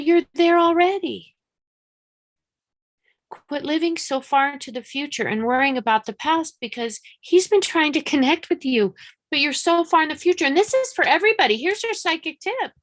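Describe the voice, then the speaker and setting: A woman with a fairly high voice gives a live-streamed psychic reading. She talks frankly and chattily, swears casually, and drives her points home by repeating them with urgency. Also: a bit bright. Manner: urgent coaching tone, repeats for emphasis. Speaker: psychic medium.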